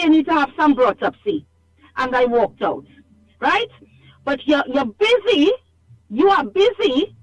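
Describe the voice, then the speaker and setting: A Trinidadian woman calling in to a radio show, talking emphatically and scolding, repeating herself for stress, over a phone line. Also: high voice. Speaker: radio call-in caller. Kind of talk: animated call-in complaint.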